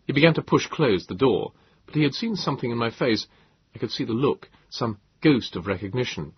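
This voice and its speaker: A man narrating an audiobook in first person, with a measured storytelling delivery. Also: mid-range voice, animated, slightly rough, dry recording. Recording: dull lo-fi, dry.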